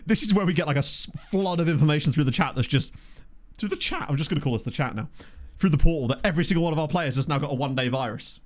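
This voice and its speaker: A man's voice: on the high side, very fast. A man giving casual, chatty gameplay commentary, thinking aloud and joking with his chat into a desktop microphone. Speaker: gaming video creator. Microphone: desktop USB microphone.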